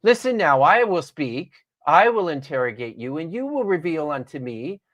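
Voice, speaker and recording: A man voicing Job, a worn-down suffering old man, in a measured, solemn scripture reading. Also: medium pitch, animated, dull audio, lightly acted. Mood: sardonic.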